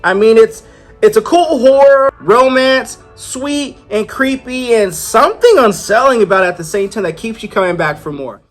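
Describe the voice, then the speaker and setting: High-voiced man recapping a comic. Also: expressive, normal speed, faint music behind. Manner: joking asides, playful. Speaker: comic book reviewer. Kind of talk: casual comic story recap.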